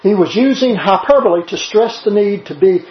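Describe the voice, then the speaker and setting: A man's voice: sits high, animated, moderate pace. A man giving a sermon-style Bible teaching, emphatic and full of rhetorical questions. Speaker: preacher. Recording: roomy, slightly dull sound.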